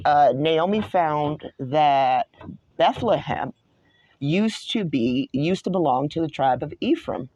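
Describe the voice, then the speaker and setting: A New York host in their forties, with a mid-range, slightly mellow voice and a dry recording, runs an online show. Talking alone through a scripture study, they ramble, digress, and correct themselves as they go.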